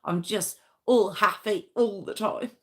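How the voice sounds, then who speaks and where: Speaking slowly in a medium-pitched, fairly bright voice, a true crime livestream host chats with viewers and reads their comments. She's casual and self-deprecating, and her arm is sore.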